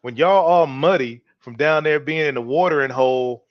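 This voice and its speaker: A man with a drawl hosts his own opinion show, talking to his listeners in a loose, swaggering way. His voice sits a little high for a man. The recording is dry and dull, like a cheap home mic. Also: moderate pace, no echo. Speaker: podcast host. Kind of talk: casual opinion talk.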